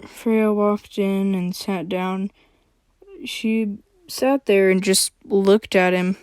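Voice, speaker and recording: A young woman reads her own story aloud at an unhurried pace. She rambles casually with many fillers, in a dry, close recording. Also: medium pitch, steady tone, a little mellow, clean tone, no room sound. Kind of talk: casual chat and story reading.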